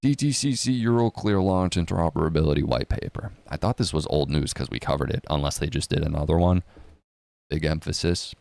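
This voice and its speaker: Brief: very deep, gravelly male commentator, casual and sarcastic, salty language. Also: fairly quick, a little mellow, no room sound. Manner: profane, sarcastic, mocks others in put-on voices. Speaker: crypto news commentator.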